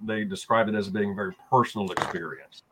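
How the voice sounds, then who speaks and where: A man guest and co-author recounting events in a measured, halting way. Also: lowish voice, steady tone, noisy background. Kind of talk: interview storytelling.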